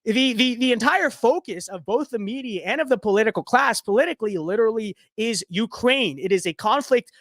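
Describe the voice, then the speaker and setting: A man's voice: very high voice, expressive, brisk, few pauses, fairly bright tone, dry recording, clean studio sound. A man ranting on a live stream, reading chat comments aloud with heated sarcasm and frequent restarts.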